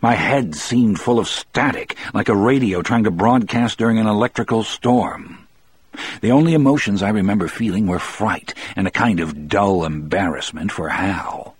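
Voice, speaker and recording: A man narrating an audiobook in the first person, measured and reflective. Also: on the low side, slightly rough.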